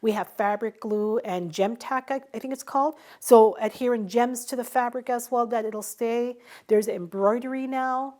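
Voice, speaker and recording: A middle-aged woman speaking in a fairly high voice. She tells stories at an easy, unhurried pace and slips into the voices of the people she quotes as she recounts conversations with workshop participants. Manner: warm, unhurried storytelling, acting out quoted dialogue. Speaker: Mi'kmaw craft teacher and guest speaker. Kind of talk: storytelling in a recorded conversation.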